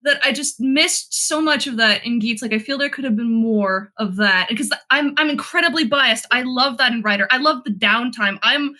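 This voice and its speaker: Bright, high-voiced chatty woman. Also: normal speed, few pauses. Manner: enthusiastic, hesitant restarts. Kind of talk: casual chat.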